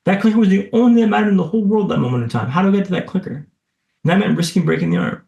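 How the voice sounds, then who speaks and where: A man's voice: sits high, rapid-fire, vocal fry, darkish tone, echoey room, muffled recording. A man guest on a podcast, telling a dramatic personal story in vivid, punchy lines with self-deprecating humour.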